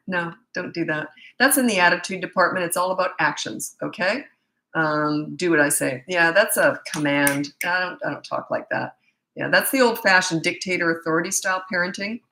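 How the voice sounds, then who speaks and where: A woman's voice: fairly low pitch, pushed and bright. A middle-aged woman, a parenting coach, bluntly and emphatically answering viewer questions in a live Q&A session. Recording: echoey room.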